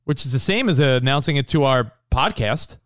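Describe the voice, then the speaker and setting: A man co-hosting a podcast in casual chat, animated, often laughing and swearing freely. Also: mid-range voice, fairly quick, no echo, clean studio sound. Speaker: podcast co-host.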